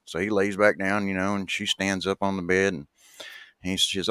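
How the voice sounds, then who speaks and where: A man telling a long folksy joke, acting out the characters' voices and climbing to a high squeal at the punchlines. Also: normal speed, a bit bright, dry recording.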